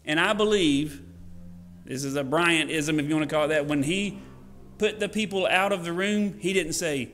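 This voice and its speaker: A preacher, a man with a slightly raised pitch, delivers a sermon in a church. He is animated and folksy, acting out the scenes he tells and joking with his congregation. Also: normal speed. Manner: animated, acts out scenes in varied voices. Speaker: pastor. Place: church sanctuary.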